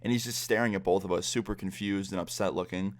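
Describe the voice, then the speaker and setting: A man's voice: low voice, steady tone, fast. A young man casually telling a story on his vlog, blunt and profane. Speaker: vlogger.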